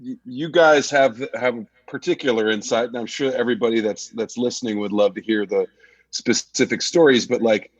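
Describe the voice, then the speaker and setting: A male host asks long, winding questions with frequent restarts. His voice sits mid-pitch. The audio is dry and a little dull and lo-fi. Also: steady tone, normal speed, dry recording. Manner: hesitant, restarts while asking long questions. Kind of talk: casual chat.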